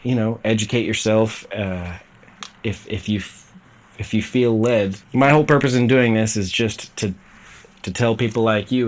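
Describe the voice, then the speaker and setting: A man's voice: fairly low pitch, moderate pace. A tired man hosting his own video channel, talking casually in a rambling, self-deprecating way with plenty of fillers. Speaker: host.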